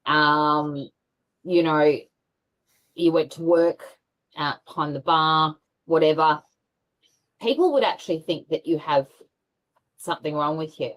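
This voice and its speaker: A woman's voice: sits low, a little slow, long pauses, low-quality recording. Woman rambling on a video call. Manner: rambling, with many fillers and restarts. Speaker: guest. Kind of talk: casual video call chat.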